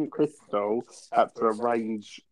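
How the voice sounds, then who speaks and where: A man's voice: on the low side, low-quality recording. Chatty man recapping a show. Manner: chatty, teasing, laughs often. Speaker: podcast co-host. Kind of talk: casual chat recapping a TV show. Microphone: phone.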